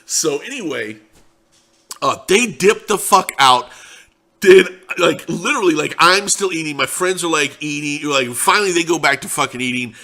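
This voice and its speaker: A man's voice: fairly high pitch, animated, normal speed, bright, forceful tone. A young man telling a casual, profane, rambling anecdote in a laid-back way. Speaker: storyteller.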